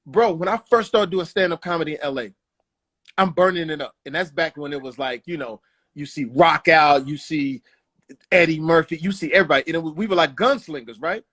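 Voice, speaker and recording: A man telling stories as a guest in a casual interview, animated and quick to slip into voices. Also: a little high. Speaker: guest, comedian and actor. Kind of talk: casual storytelling.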